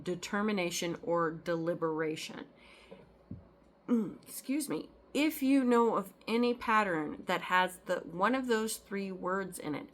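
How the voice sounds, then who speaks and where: A woman chatting casually as a cross-stitch vlogger, rambling with lots of ums and restarts. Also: medium pitch. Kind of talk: casual chat.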